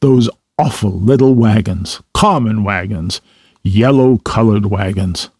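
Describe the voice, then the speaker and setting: Male narrator doing vain, gushing toad gentleman, grand and breathless, storybook. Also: fairly low pitch, slow, slightly rough, no echo, studio quality. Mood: rapturous. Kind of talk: storybook reading.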